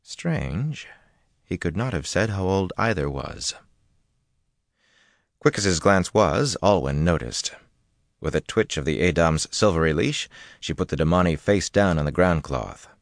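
A man narrating a fantasy novel as an audiobook, reading in a steady, even manner. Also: deep voice, unhurried, no echo, studio quality. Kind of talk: scripted narration.

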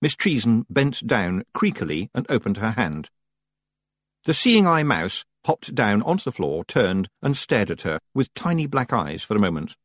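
Brief: male audiobook narrator, husky tone, dry close sound, very lively pitch. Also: moderate pace, dry recording. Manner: expressive, wide-ranging delivery. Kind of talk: storybook narration.

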